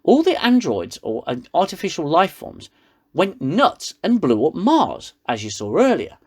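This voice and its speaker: British guy doing a snarky rambling episode recap, lively pitch. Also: unhurried, breathy edge. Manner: sarcastic, rambling. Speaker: reviewer.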